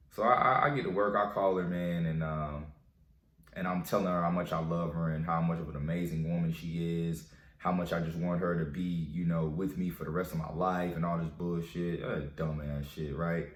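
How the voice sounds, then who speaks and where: A man's voice: sits low, fairly even intonation, brisk. A man telling a breakup story and giving dating advice in a casual, slangy, profane way. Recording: roomy echo.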